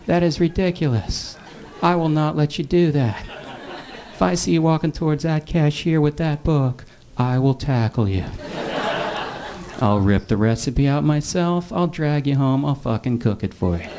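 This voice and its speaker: A man performing a deadpan stand-up comedy set in a club. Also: a little high, moderate pace. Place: comedy club with a live audience. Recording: live stand-up recording with a laughing crowd.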